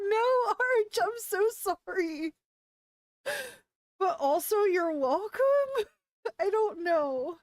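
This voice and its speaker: A woman's voice: very high-pitched, big pitch swings, very slow, pauses often, dry recording, studio quality. A woman VTuber streamer chatting casually with viewers during a live stream, flustered and rambling, stumbling over her words and giggling often.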